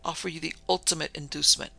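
A man voicing a sinister, disfigured nobleman in an audiobook, speaking with measured, coldly polite menace. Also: fairly high pitch, fairly even intonation, gravelly, pushed and bright, full character voice. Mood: menacing. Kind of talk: audiobook narration.

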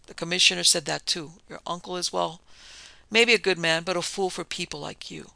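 A grim, clipped male detective who hates every criminal, his voice very gravelly and tight. A man reads him out in a level, even tone. He sounds bright and tense, recorded dry. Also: sits high, fairly quick, dry recording, heavily acted. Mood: stern. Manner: terse, clipped and stern.

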